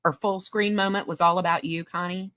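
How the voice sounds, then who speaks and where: A woman's voice: fairly low pitch, fairly even intonation, fairly quick, fairly bright tone, no echo, clean studio sound. A woman hosting a commentary show, talking in a sarcastic, mocking, lecturing way about a streamer. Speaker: commentary host.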